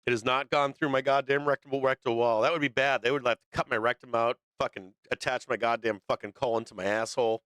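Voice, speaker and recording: A man hosting a livestream, talking unscripted with heavy swearing and halting fillers. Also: medium pitch, fairly even intonation, a bit bright, clear, resonant tone, no room sound. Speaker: livestream show host.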